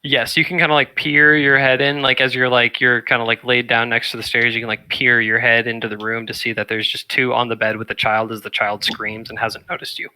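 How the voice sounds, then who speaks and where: A man's voice: medium pitch, flat delivery, a little fast, few pauses, bright, forceful tone, clean tone, low-quality recording. A man running a tabletop game as game master, laid-back and hesitant, with plenty of fillers.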